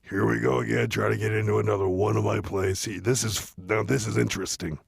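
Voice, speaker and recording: A man doing a weary, gravelly old playwright. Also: lowish voice, fairly even intonation, brisk, no room sound, clean studio sound, exaggerated voice. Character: playwright William Shakespeare, casual and put-upon man.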